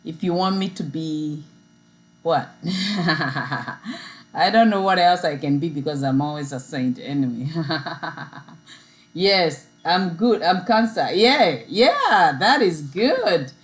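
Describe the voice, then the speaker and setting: A woman's voice: fairly low pitch, very animated, unhurried, low-quality recording. Chatty woman livestreaming. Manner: chatty, repeats herself, greets viewers by name. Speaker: livestream host. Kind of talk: casual livestream chat. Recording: mains hum in background.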